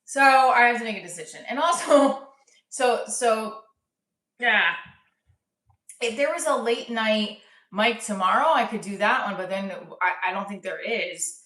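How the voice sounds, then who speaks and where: A woman in her thirties, a stand-up comic, rambles candidly to camera in a casual self-talk vlog, cursing and laughing at herself. Her voice sits fairly high and sounds a bit bright, and she takes her time. The room echoes and she's far from the mic, a little off-axis.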